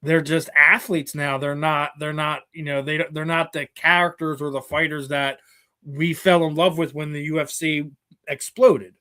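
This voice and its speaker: A man's voice: a little high, level tone, normal speed, sharp tone. A man hosting a casual sports interview, making long, winding, opinionated points. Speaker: interview host.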